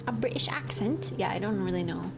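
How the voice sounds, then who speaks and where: A woman's voice: medium pitch, expressive, a little fast, gravelly. A woman streaming her 3D art work, chatting casually and half-whispering to herself as she works. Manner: mutters and whispers to herself between chatty remarks. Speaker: streamer and 3D artist. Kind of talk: casual running commentary while working. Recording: background music under the voice.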